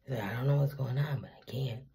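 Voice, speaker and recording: Worn-out woman vlogger with a heavy fry and a mellow tone, frank and salty in her retelling. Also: a bass voice, quick pace. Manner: candid, profane, animated retelling. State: tired, teary. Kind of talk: casual storytelling vlog.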